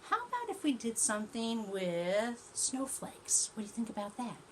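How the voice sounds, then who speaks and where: A woman teacher reading a storybook aloud to young children, gently chatty and asking them questions as she goes. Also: fairly high pitch, wildly swooping pitch, moderate pace, slight background noise.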